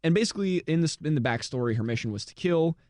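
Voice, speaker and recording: A man's voice: a little high, animated, fast talker, a little mellow, no room sound, clean studio sound. A man co-hosting a casual chat, retelling a movie plot with lots of fillers. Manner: rambling with fillers and laughs. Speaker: podcast co-host.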